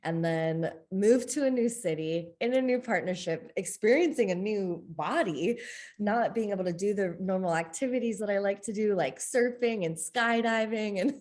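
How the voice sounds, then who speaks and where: A woman speaking as a podcast guest in a candid interview, open and expressive, often breaking into laughter. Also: medium pitch, normal speed.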